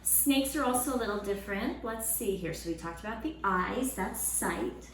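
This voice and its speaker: A woman teaching a Sunday school lesson to children at home, in a lively, encouraging way. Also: medium pitch, normal speed, a little hiss or hum. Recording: roomy room sound with faint ambience.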